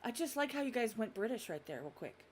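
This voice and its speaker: A woman's voice: on the high side, big pitch swings, fast talker, slight background noise. A woman hosting an unscripted podcast, chatty and giggly. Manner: giggly, chatty, swears freely. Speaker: podcast host. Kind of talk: casual unscripted chat.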